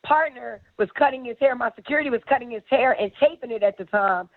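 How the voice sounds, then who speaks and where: Middle-aged woman telling it straight in an interview, high voice, swears a lot, sounds thin like over a phone. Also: quick pace, phone-quality sound. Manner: blunt, profane, emphatic. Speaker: interview guest. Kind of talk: candid storytelling.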